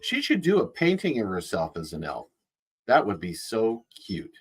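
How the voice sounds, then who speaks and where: A man playing Santa Claus, chatting to children in a rambling, folksy way with a husky voice. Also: fairly low pitch, huge pitch swings, normal speed, exaggerated voice. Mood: jolly. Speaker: Santa performer greeting children. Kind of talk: casual in-character chat.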